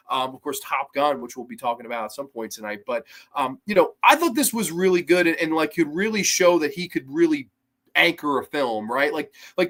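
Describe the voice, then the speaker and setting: Man, film show host, casual, enthusiastic, fairly high voice. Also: fairly bright tone. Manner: enthusiastic, acts out quoted lines in a higher voice. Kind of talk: casual film review monologue.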